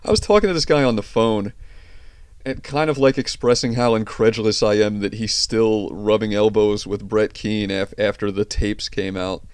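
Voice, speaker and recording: A man's voice: on the low side, fairly even intonation, normal speed, clean tone, no echo, studio quality. A man hosting a video reaction chat, blunt and ranting, swearing often as he talks. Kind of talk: casual profane chat.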